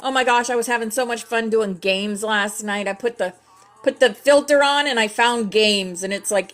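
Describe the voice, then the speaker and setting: A woman hosting a spiritual class who sounds hoarse and scratchy, talking in a lively way and saying affirmations aloud. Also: on the high side, normal speed. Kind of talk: casual livestream class, reading affirmation cards.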